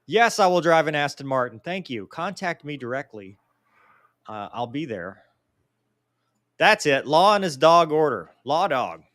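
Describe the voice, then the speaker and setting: A man's voice: on the high side, measured pace, dry recording, clean studio sound. A man in his forties hosting a casual live Q&A, reading viewer mail and joking about himself. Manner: joking, self-deprecating, animated. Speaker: host answering viewer mail.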